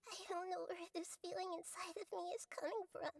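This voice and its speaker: Tiny soft-spoken goddess girl in a game, really high, slow and breathy, a little gravelly. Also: fairly even intonation, crowd noise. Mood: confused, sad. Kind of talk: game voice acting. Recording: game audio with loud music behind.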